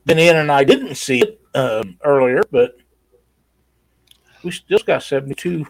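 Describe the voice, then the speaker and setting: Folksy man, gravelly voice. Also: fairly high pitch, lively intonation, unhurried, dry recording, low-quality recording. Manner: folksy, reads chat comments aloud. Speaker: co-host of a live stream giveaway. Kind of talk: casual live-stream chat.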